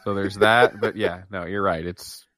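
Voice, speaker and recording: A man co-hosting a podcast in casual chat, relaxed and rambling. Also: low voice, normal speed, dry recording. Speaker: podcast co-host.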